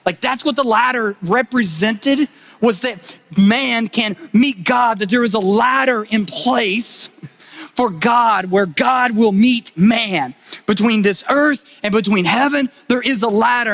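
A male pastor giving a casual, animated sermon, acting out quotes in everyday slang. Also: high voice, measured pace, in a large hall.

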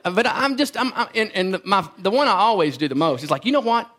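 A man's voice: sits high, sing-song, fast talker, fairly bright tone. A man in his thirties giving a sermon as pastor, telling self-deprecating stories with stammered restarts.

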